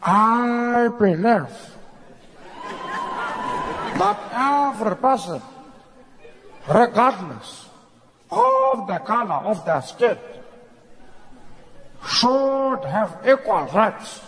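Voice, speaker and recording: A man doing an impression of a revered elderly statesman, speaking in a slow, solemn, drawn-out way during a stand-up set. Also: very high-pitched, sing-song, a bit bright, in a large hall, exaggerated voice, rough recording.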